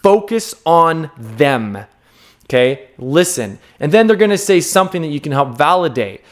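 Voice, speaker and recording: A man in his thirties with a slightly high, sing-song voice gives off-the-cuff self-help advice directly to camera at a moderate pace. He speaks earnestly and emphatically, repeats key words, and keeps checking in with the viewer.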